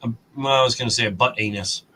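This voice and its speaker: An American man in casual chat, telling a story in an animated way and acting out the quotes. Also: mid-range voice, quick pace, rough recording. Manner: animated storyteller, acts out quotes, mild cursing dodges. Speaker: coin roll hunting host.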